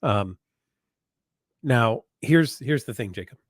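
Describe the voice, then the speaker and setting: A man, a psychologist, giving earnest advice in a live online Q&A, repeating his points and slowing down to stress them. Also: mid-range voice, expressive, dry recording, studio quality. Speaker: psychologist answering viewer questions.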